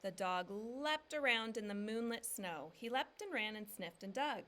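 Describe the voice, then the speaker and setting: A woman teacher calmly reading a picture book aloud to young children, dropping low and soft on the "he said" tags. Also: measured pace.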